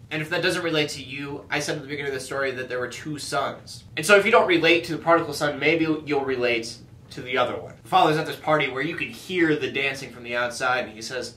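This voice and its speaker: Bright-voiced young man in an echoey room. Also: fairly high pitch, fast. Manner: chatty, lots of "like" fillers, acts out characters' lines. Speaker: host of a faith video show. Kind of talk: casual retelling of a Bible story.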